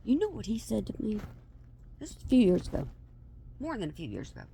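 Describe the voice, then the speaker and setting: Animated rambling woman vlogger. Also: medium pitch, fast talker, gravelly, slight background noise. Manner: animated, chatty, trails off and restarts. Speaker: vlogger and mother. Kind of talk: rambling casual chat to camera.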